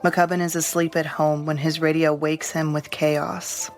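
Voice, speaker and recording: A woman reporter giving scripted narration for a podcast in an even, measured way. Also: sits low, faint music behind.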